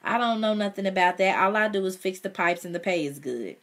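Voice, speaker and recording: A woman reading the lines of a reluctant young man who answers flatly and evasively. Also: mid-range voice, a little fast. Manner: flat and evasive. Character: young man, reluctant flat-voiced brother.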